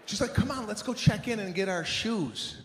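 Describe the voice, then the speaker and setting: A man doing a stand-up set, animated and exasperated, acting out the people around him. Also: high voice, normal speed, noisy background. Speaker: stand-up comedian. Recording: live room with hall echo.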